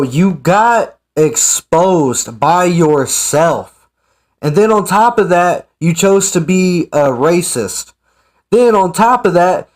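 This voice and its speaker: A man's voice: high voice, darkish tone. A man giving casual, sarcastic ranting commentary as an online commentator. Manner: sarcastic, mocking.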